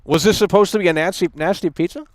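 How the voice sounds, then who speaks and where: A man's voice: sits high, fast talker, no room sound. A man hosting a live stream, ranting bluntly at his chat and swearing freely. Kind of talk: casual live-stream rant.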